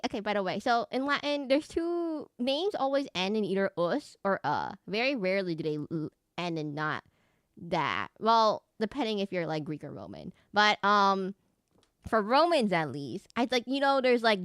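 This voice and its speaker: Lively, rambling woman streamer. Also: medium pitch, smooth, no room sound, clean studio sound. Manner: rambling, self-correcting, giggly. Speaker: VTuber streamer. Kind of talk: casual gameplay commentary.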